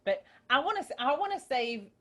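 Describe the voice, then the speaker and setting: A woman hosting a casual group call, telling a story in an excited, rambling way. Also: sits high, brisk. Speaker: host. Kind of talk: casual chat.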